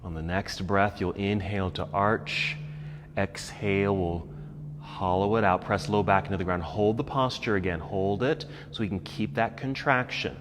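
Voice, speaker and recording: Low-voiced man guiding a yoga class. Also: moderate pace. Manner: calm, encouraging step-by-step cues. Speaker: yoga instructor. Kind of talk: guided yoga class instruction. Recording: echoey room with faint background noise.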